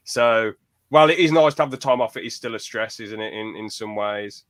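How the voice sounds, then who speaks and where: A man's voice: fairly low pitch, steady tone, brisk, fairly bright tone. A young man hosting a podcast in casual chat, laughing often and joking crudely. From United Kingdom. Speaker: podcast host.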